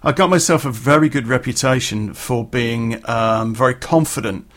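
A middle-aged man tells a personal story for a podcast in a casual, unscripted way. His voice sits at an ordinary mid pitch. His talk is blunt and earthy, with some swearing and frequent ums and uhs. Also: moderate pace, a bit bright.

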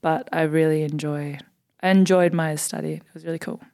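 She's a young Australian woman in her twenties, a basketball player guesting on a podcast, and her low, dark, creaky voice stays steady while moving a little fast. The interview is casual, and she relates stories cheerfully, using "like" and "um" often.

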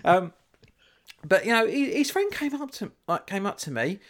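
A man with a notably high voice tells long, winding stories in a relaxed chat. His pitch swings widely as he talks, and he breaks into laughter often. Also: moderate pace. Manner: rambling storyteller, laughs often. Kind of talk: casual chat.

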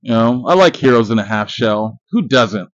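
With an expressive mid-range voice at a moderate pace, a male podcast host in his thirties riffs through a movie review, cursing, joking, and boasting. There's no echo, and the lo-fi recording is dull and dry.

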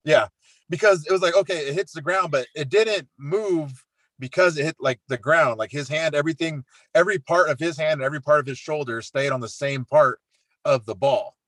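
A man co-hosting a casual sports podcast, talking about his football team in a chatty, relaxed, self-deprecating way. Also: fairly high pitch, brisk, no room sound. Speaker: podcast co-host.

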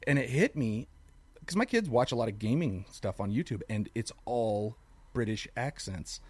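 A man and father co-hosting a podcast, telling jokes and animated stories in casual chat. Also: medium pitch, moderate pace, husky, dry recording. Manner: joking, animated storyteller.

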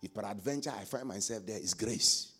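A man preaching a sermon as pastor, swinging from quiet asides to loud shouted exhortation. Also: lowish voice, a little fast, husky, faint music behind.

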